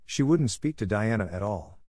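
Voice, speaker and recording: A man's voice: on the low side, animated, normal speed, mellow, breathy edge, no echo, studio quality. A man voicing a stern, gossipy older village woman who lectures in an emphatic, self-satisfied way. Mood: disapproving.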